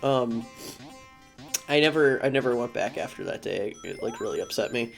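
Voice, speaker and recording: A man's voice: medium pitch, animated, moderate pace, gravelly, soft background music. Rambling young man telling a personal story. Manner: rambling, swears casually, many restarts and fillers. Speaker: vlogger. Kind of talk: casual storytelling monologue.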